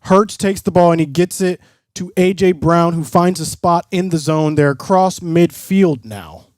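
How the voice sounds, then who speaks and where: A man's voice: fairly high pitch, measured pace, no echo, studio quality. A man streaming live play-by-play commentary, mixing broadcaster-style calls with casual asides to his chat.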